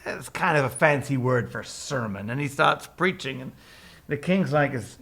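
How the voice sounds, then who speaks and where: A man retelling a Bible story in a casual, animated way, laughing often and breaking into character voices. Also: mid-range voice, normal speed, vocal fry.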